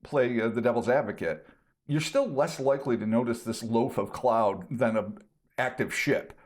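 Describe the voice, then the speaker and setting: A man's voice: medium pitch, normal speed. A man co-hosting a podcast, musing at length in casual chat. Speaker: podcast co-host.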